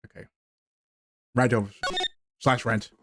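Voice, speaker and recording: A man streaming a game, chatting casually and ranting in a stammering, animated way. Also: mid-range voice, takes it slowly, gravelly, a little hiss or hum.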